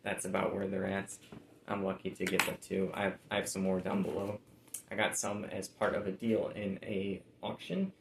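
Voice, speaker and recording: A man with a low, gravelly voice talks in a laid-back, rambling way, full of "like" and "uh". He sounds as though he is in an echoey room, with faint background noise. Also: little pitch movement, normal speed. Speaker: reseller showing sold items. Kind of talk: casual chat.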